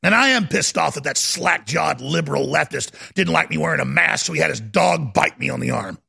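Gravelly, fiery ranting radio host man. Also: lively intonation, fairly quick. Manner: swings between yelling and low muttering; fiery, stammering restarts. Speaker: talk show host. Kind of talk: ranting talk radio monologue.

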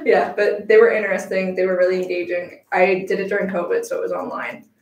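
A young woman co-hosting a podcast in casual chat, making playful quick asides, recorded in a small room. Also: fairly low pitch, flat delivery, gravelly, a little mellow. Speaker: podcast co-host. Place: small room in a school library. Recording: echoey small room, faint background noise.

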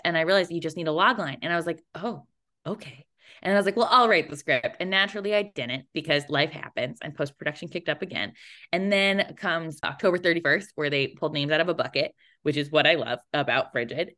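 A woman's voice: low-pitched, a bit bright. A young adult woman casually telling a story as an interview guest, laughing often and acting out the voices in her quotes. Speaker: interview guest, playwright and performer.

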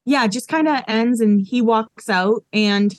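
A woman's voice: a little high, measured pace, no room sound, studio quality. A woman in her thirties from Massachusetts, a podcast guest telling stories frankly in casual chat. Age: 30s.

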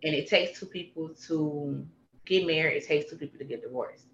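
Candid guest, bright forceful delivery, emphatic repeats; roomy, slightly muffled recording. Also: medium pitch, a little fast, a little hiss or hum. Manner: emphatic and animated, repeats phrases for punch. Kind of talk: candid personal conversation. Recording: roomy, slightly dull sound.

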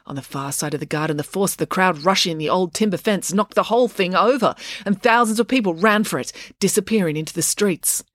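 Casting: woman narrator for a kids' audiobook, expressive, dry close studio sound. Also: lowish voice, brisk, hardly any pauses, dry recording.

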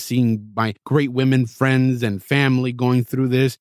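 A man hosting a podcast, delivering an impassioned, opinionated rant into a close mic. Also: no echo. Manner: impassioned, ranting, pitch swings widely. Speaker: podcast host. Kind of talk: opinionated monologue.

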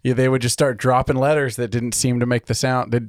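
A man trading casual podcast banter, laughing often and breaking into silly voices. His voice sits at a middling pitch, close and dry on the mic. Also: flat delivery, a little fast, dry recording. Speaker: podcast co-host. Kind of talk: casual chat.

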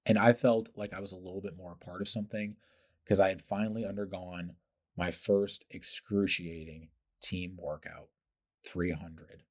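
A young man hosting his own podcast, telling workplace stories in a casual, animated way, with loud profane bursts and quiet asides. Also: deep voice, moderate pace. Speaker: podcast host. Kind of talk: casual storytelling monologue.

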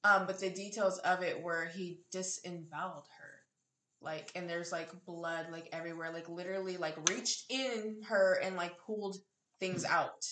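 A woman's voice: fairly low pitch, fairly even intonation, normal speed, a bit bright, slight background noise. A young woman chatting casually on a podcast, blunt and swearing freely, with sassy mock voices. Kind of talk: casual chat. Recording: roomy echo.

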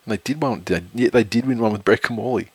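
A man's voice: mid-range voice, fast, a little mellow, husky, dry recording. A man co-hosting a casual sports podcast, reading tweets aloud, laughing often and swearing casually. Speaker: podcast co-host.

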